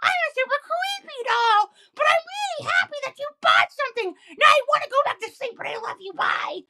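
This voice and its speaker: A woman voicing a super creepy little girl doll that is sleepy but sweet, squealing and shouting in a shrill voice. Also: animated, brisk, exaggerated voice. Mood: creepy cheerful.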